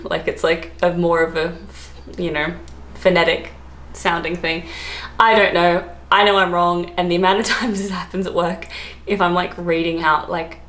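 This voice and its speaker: An Australian woman chatting casually to camera as a vlogger, self-deprecating and laughing often. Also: lowish voice. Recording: echoey room.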